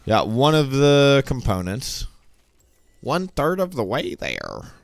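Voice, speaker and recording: Chatty American gamer guy, lively voice. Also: medium pitch, takes it slowly, creaky, no echo. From Tennessee, southeastern United States. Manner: joking, chatty, talking to chat. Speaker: streamer playing a game. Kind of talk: casual gameplay commentary.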